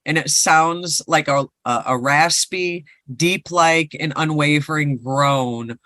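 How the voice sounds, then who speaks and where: A woman's voice: deep voice, takes it slowly, pushed and bright, no echo. A woman co-hosting a podcast, casually retelling a ghost story and rambling with lots of fillers. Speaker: podcast co-host.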